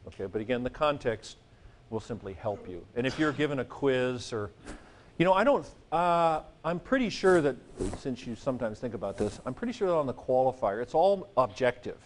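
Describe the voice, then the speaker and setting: A man's voice: mid-range voice, lively intonation, brisk, a little hiss or hum. A man lecturing a class on grammar, joking and playful, now and then singing vowel sounds to make a rule stick. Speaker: Greek teacher.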